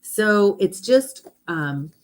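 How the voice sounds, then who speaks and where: A woman's voice: mid-range voice, animated, drawn-out words, poor audio. A middle-aged woman chatting casually and animatedly about affirmations and self-love, with lots of fillers. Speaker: host, hypnotherapist.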